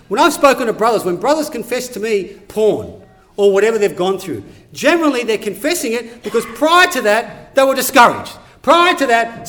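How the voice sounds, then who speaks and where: A man's voice: very high voice, a bit bright. A man preaching a sermon in an earnest, conversational way that builds to emphatic urgency. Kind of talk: sermon with scripture reading.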